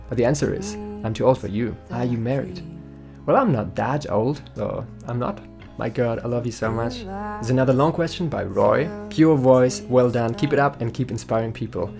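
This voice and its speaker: A young German man hosts a casual Q&A vlog, chatty, upbeat, and jokey as he reads out his viewers' comments and answers each one. His voice is gravelly and average in pitch for a man, with soft guitar music playing faintly underneath.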